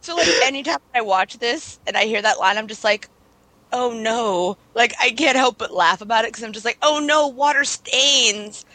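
A woman's voice: a little high, fast, hardly any pauses, sharp tone, dry recording. A young woman hosting a podcast, crudely retelling a story in casual chat, rambling and giggling often. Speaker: podcast host.

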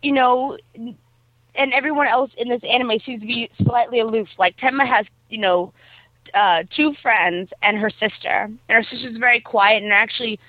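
A woman's voice: on the high side, moderate pace, no room sound. A woman chatting casually and rambling animatedly as she retells a show's plot, with lots of fillers. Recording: tinny phone-like dry sound.

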